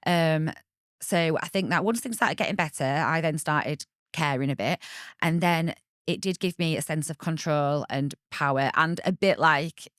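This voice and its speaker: A woman in her thirties tells her personal story as a podcast guest, chatty and animated. Her voice sits on the low side and sounds dry and close to the mic. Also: normal speed, no echo. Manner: chatty, animated, laughs often and acts out quoted voices.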